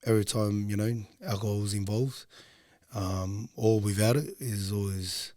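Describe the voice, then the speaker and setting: Young male guest, low voice, rambling casual storyteller, dry close sound. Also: fairly even intonation, normal speed, warm tone, no echo. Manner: low-key, loose, rambling with frequent ums. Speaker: podcast guest.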